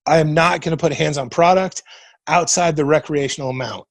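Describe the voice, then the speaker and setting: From Nebraska, USA, this man around forty is a podcast guest telling casual, profane stories and acting out what people said. His voice is fairly high-pitched and creaky, he speaks briskly, and there's no echo.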